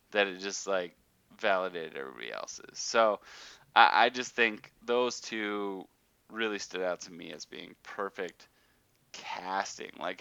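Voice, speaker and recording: Bright, crisp-voiced man chatting casually. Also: on the low side, no room sound, highs cut off. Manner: animated, rambling with many fillers. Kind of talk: casual chat about a TV show.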